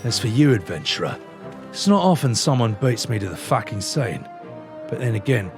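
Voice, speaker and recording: A man voicing a gruff, swaggering male sky pirate captain who swears freely and talks in rough slang, over a game's cutscenes. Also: mid-range voice, voice pushed down.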